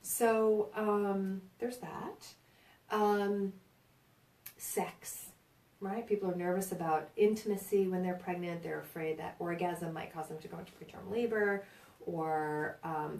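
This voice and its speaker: A woman's voice: fairly low pitch, steady tone, normal speed, a little mellow. A woman with a New York accent teaching a birth class in a chatty, reassuring way, often checking in with "right?". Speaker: birth center educator. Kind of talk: informal prenatal class talk. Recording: roomy sound from a distant mic.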